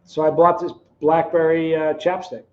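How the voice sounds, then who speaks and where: Man, middle-aged, live stream host, casual chat, teasing, fairly high voice, dull lo-fi sound. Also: level tone, normal speed. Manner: chatty, teasing viewers by name, storytelling.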